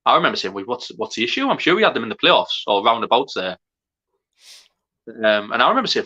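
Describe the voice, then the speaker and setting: A man co-hosting a live football watchalong, sweary and excitable. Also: mid-range voice, fast talker, husky, highs cut off. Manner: sweary, excitable, shouts at goals. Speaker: fan co-host.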